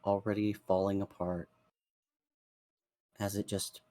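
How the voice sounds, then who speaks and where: A man narrating a tabletop game as dungeon master, in a hushed, drawn-out storytelling manner with soft fillers. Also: on the low side, little pitch movement, dry recording. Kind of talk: slow descriptive game narration.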